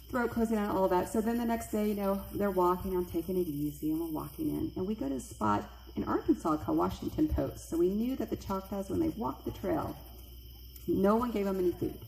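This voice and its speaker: Animated woman telling a spooky story. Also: gravelly, a little hiss or hum. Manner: animated, acts out quoted voices with big pitch jumps. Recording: echoey room with faint ambience.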